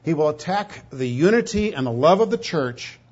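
A man preaching a sermon, emphatic, swinging from loud stretched words to low asides, often repeating words as he goes. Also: expressive, normal speed, husky. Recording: dull lo-fi recording.

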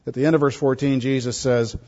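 A man's voice: mid-range voice, steady tone, quick pace, warm tone. A man preaching a sermon as a pastor, stressing points by repeating words. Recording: dull lo-fi recording.

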